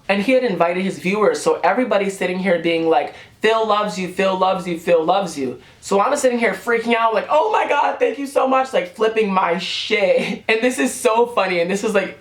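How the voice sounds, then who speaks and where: A young man telling a rambling story to camera in a casual vlog, animated and swearing freely. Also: fairly high pitch, echoey room, low-quality recording. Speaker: YouTuber.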